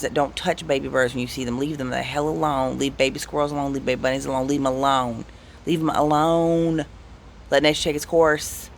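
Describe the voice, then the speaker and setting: A man's voice: mid-range voice, gravelly, a little hiss or hum. A man telling casual, rambling anecdotes on his vlog. He cuts himself off and restarts often. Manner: rambling, self-interrupting, animated anecdotes. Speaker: vlogger. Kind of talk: casual storytelling.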